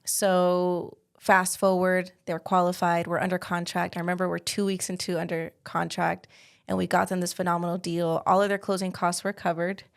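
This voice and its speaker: A woman guest with a fairly low voice and a gravelly edge of vocal fry talks casually about her work as a realtor. She tells her stories in a chatty way and leans on "like" as filler. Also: little pitch movement, moderate pace. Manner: chatty storytelling with frequent "like" fillers. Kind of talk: casual interview talk.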